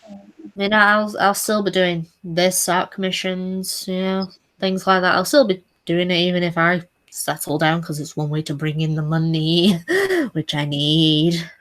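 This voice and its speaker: A woman's voice: fairly low pitch, steady tone, a little slow, a bit bright. A woman in her late twenties who laughs often while chatting casually in a voice chat. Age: 20s. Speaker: artist.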